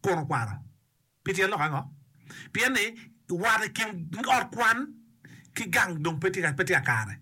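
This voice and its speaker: Man, high, bright and husky voice, emphatic talker who keeps asking "okay?". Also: very animated, moderate pace. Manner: emphatic, repeats phrases, checks in with "okay?" and "eh?". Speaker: speaker on education and community. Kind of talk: casual explanatory talk mixing English and a local language.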